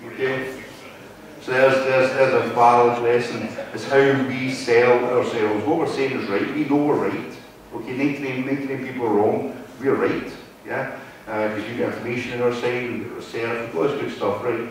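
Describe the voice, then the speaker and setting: A man's voice: medium pitch, steady tone, normal speed, a little hiss or hum. A man with a Wigan accent gives a talk to a live audience, his voice echoing heavily through a hall. He sounds distant from the recorder. He is conversational and keeps checking in with the room. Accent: Wigan, Lancashire. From North West England. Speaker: guest speaker. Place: meeting hall. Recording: very echoey hall from far off.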